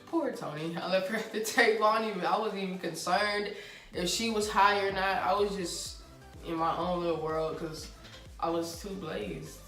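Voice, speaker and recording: A young woman tells a wild story in a casual, slangy way, swearing and breaking into laughter as she goes. Her voice is picked up from a distance in an echoey room, with soft music underneath. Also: on the low side. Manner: animated, laughing, slangy and profane. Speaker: vlogger telling a story. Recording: roomy sound from a distant mic with faint music.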